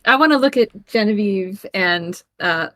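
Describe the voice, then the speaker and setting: A woman's voice: medium pitch, animated, a little slow, a bit bright. A woman playing a tabletop game, describing her character's actions with hesitant fillers. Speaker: player.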